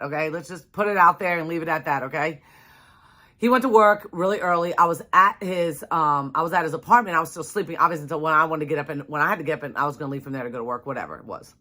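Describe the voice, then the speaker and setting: A woman's voice: low-pitched, pushed and bright. A young adult woman telling a personal story to her viewers in a casual, chatty way, full of "like" and "you know". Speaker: vlogger.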